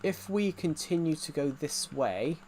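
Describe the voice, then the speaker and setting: A man's voice: fairly high pitch, animated, a little slow, darkish tone. Guy streaming a game and chatting away, rambly, reads out chat, bit of faint noise behind. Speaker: gaming streamer. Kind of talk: casual live-stream commentary.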